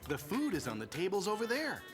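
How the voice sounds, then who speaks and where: An actor voicing a friendly father in an animated children's series, explaining things calmly and simply. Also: medium pitch, fairly quick, over music. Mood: kindly. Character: friendly, easygoing cartoon father. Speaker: father character.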